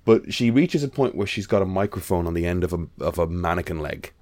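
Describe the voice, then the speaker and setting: A man's voice: deep voice, animated, brisk, darkish tone, dry recording. A man in casual chat, animatedly telling a story and acting out the voices of the people in it. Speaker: podcast guest.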